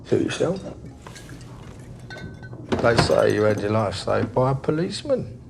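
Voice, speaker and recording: A gravelly, volatile gangster. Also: male voice, medium pitch, unhurried. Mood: menacing. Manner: mocking, swings between jovial and menacing. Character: volatile, menacing male London gangster baker. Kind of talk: TV crime drama acting. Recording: steady background noise.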